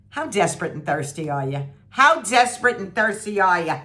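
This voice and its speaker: A woman's voice: big pitch swings, normal speed, few pauses, a bit bright. Brassy sixty-something woman ranting. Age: 60s. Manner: blunt and salty, mocking voices, swings pitch up in disbelief. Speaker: vlogger reviewing a TV show. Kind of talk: animated, sarcastic rant to camera.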